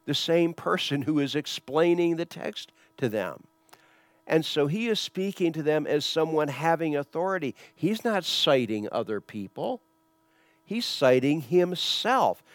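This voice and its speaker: A man's voice: a little high, animated, measured pace, no room sound. A pastor explaining scripture in a conversational sermon, asking rhetorical questions as he teaches. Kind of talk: expository sermon.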